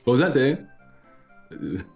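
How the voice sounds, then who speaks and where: A man hosting a casual card game review, laid-back and low-key, chuckling often. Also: big pitch swings, unhurried, creaky, breathy edge, muffled recording, soft background music. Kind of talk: casual chat.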